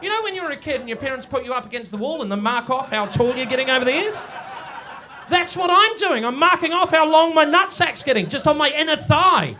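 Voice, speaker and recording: A man in his forties performing a stand-up comedy set in a village pub, swinging between booming and hushed storytelling. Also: expressive, fairly quick, slight background noise. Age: 40s. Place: village pub before a live audience.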